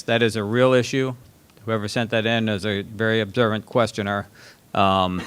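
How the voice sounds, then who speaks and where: A man's voice: lowish voice, fairly bright tone, clean tone. A man on a workshop panel answering audience questions in a friendly, affirming way, often repeating his phrases.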